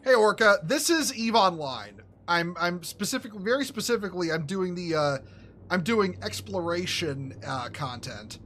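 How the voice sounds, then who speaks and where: A man giving casual, rambling commentary while playing a game, excitable and swearing, often restarting his sentences. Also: high voice, normal speed, a little hiss or hum. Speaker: gaming streamer.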